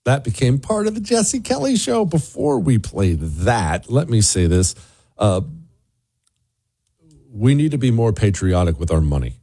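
A man's voice: medium pitch, huge pitch swings, a little slow, mellow, husky, no echo, clean studio sound. A man hosting a talk radio show, delivering an emphatic, combative monologue and reading his own sponsor ads. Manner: emphatic, combative, repeats words when worked up.

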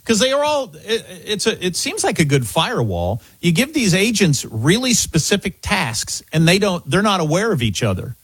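Man, radio co-host, excitable banter with lots of pitch movement, dry close mic. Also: normal speed, hardly any pauses, breathy edge, dry recording. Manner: animated, excitable, repeats himself.

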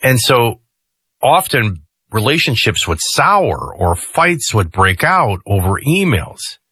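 A male talk radio host speaks with forceful, somewhat husky, low-pitched delivery, loose and conversational, tossing in jokey asides. He has a sing-song lilt and a slow pace. The sound is close and dry, straight from a studio mic.

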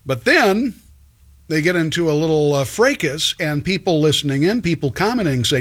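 A man's voice: fairly high pitch, animated, moderate pace, fairly bright tone, no echo, clean studio sound. A man hosting a talk show, chatting casually and telling stories with plenty of restarts. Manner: chatty, storytelling, many restarts. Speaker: radio show host.

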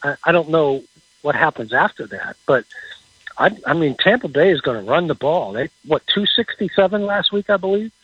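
Husky man talking football on a muffled line. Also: on the high side, expressive, fairly bright tone, dry recording. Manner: halting, repeats words, chuckles. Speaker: football reporter guest. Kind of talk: casual sports talk on radio.

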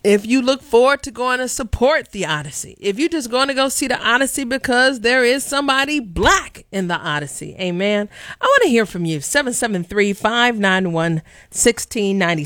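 A woman's voice: fairly low pitch, a bit bright, no echo, studio quality. A woman hosting a radio talk show, chatting conversationally and speaking directly to listeners. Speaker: radio host. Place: radio studio. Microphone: studio microphone.

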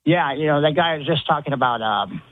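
A man calling in to a radio show, relaxed and rambling with a few hesitations. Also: fairly high pitch, fairly quick, no room sound. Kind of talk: casual call-in chat. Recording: tinny phone line.

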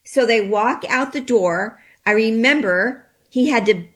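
A woman interview guest recounting a personal experience, shaken and trembling, talking haltingly with many restarts and fillers. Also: on the high side.

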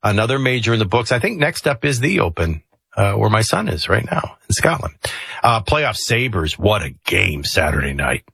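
A male morning radio host with a bright, forceful voice that has a husky edge. He talks breezily and drops wry asides in an announcer's sing-song rhythm. He is close to a dry studio microphone. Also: fairly low pitch, very animated, normal speed, no room sound. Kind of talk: casual radio chat and sports rundown.

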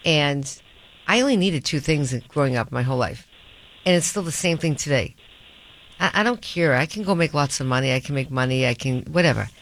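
A woman's voice: low voice, animated, fairly quick, rough recording. A middle-aged woman hosting a radio talk show, chatting earnestly and often restarting her sentences. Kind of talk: casual radio chat.

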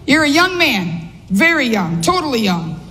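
Eine Komikerin mit hoher Stimme neckt das Publikum, in einem hallenden Saal mit deutlichem Rauschen. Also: female voice, on the high side, big pitch swings, normal speed. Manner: teasing crowd work. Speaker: stand-up comedian. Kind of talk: stand-up comedy, addressing the audience. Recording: reverberant live hall with noise.

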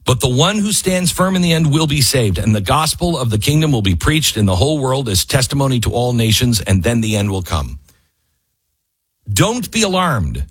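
A man hosting a radio talk show, delivering an impassioned political monologue that climbs to near-yelling in frustration. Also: mid-range voice, very animated, normal speed, husky. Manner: rising to near-yelling, fiery and exasperated. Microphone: studio microphone.

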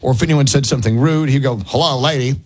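A middle-aged man hosting a morning radio show, chatty and quick to laugh. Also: medium pitch, darkish tone, husky, rough recording. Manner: chatty, jokey, laughs easily. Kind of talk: casual radio chat. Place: radio studio.

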